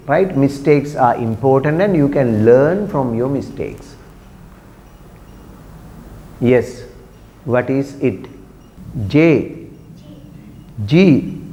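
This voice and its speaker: A man's voice: medium pitch, dark tone, dull audio. A man teaching pronunciation to a class, patiently repeating words and asking questions. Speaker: English teacher. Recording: long echoey room reverb.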